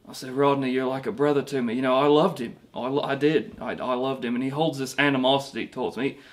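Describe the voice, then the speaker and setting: A man's voice: mid-range voice, fairly even intonation, fast talker, lightly acted. A man playing a boastful British ex-rocker. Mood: rambling. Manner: rambling, boastful, stumbling restarts. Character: vain washed-up male rock singer, self-pitying. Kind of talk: mockumentary interview.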